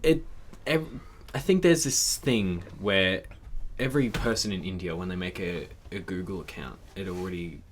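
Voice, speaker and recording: A man's voice: sits low, moderate pace, a little hiss or hum. A young man in casual chat, laid-back and explaining with plenty of fillers.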